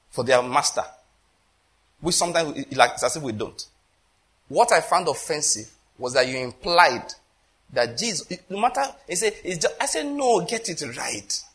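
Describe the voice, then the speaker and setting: A man preaching a sermon with passion, swinging between loud emphasis and quiet asides, often asking the congregation rhetorical questions. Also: a little high.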